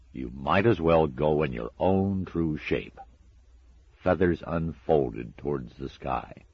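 A man narrating a storybook in a measured, dry and expressive way. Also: rumbling low, creaky, breathy edge, dry recording, dull audio. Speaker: audiobook narrator.

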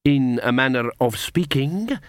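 Man doing a curt old swamp hermit woman, slow and short-spoken, dry read. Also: medium pitch, animated, smooth, no echo, close to an everyday voice. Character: terse, reclusive swamp-dwelling old woman.

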